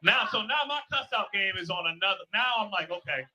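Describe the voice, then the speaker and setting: A man's voice: sits high, animated, a little fast, sharp tone. A man hosting a live show, telling a profane comic story and acting out both sides of an argument. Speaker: show host. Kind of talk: comedic storytelling. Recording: noisy live stream.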